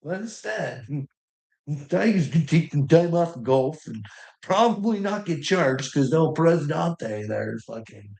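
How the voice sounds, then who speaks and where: A man with a slightly raised voice rants through news headlines and swears constantly. His sarcasm is biting, and his sentences often trail off into low, muttered asides. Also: very animated, slow pace, vocal fry, darkish tone. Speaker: commentator reacting to news headlines. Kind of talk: profane ranting commentary.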